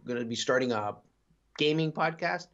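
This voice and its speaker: An easygoing man chatting on a gaming podcast, with a middle-of-the-road pitch. He rambles through his asides and chuckles often. The audio is dull and lo-fi. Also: lively intonation, moderate pace, a bit bright. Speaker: podcast co-host. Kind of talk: casual podcast chat.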